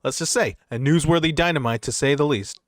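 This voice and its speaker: A man's voice: on the high side, fairly quick, no room sound, clean studio sound. A man co-hosting a wrestling podcast, talking eagerly in casual chat. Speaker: podcast co-host.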